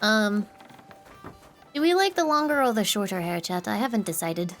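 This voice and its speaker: A woman's voice: medium pitch, very animated, moderate pace, music in the background. A young woman streamer chatting casually to her viewers while playing a game, giggling and swearing now and then. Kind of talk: casual gameplay commentary.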